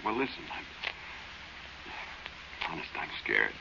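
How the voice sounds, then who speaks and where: A man's voice: rumbling low, huge pitch swings, slow pace, gravelly, full character voice. A man narrating as a young man recalling an eerie night adventure, plain-spoken storytelling in 1940s radio acting style. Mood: scared, hushed. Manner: plain-spoken storytelling, drops to tense murmurs. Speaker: narrator and lead character. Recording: dull old radio recording with faint hiss.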